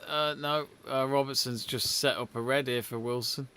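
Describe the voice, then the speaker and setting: A man co-hosts a live sports watch-along, chatting casually, laughing often and reading out viewer messages in relaxed live commentary. His medium-pitched voice is smooth and sharp in tone, fairly even in intonation, at a normal speed.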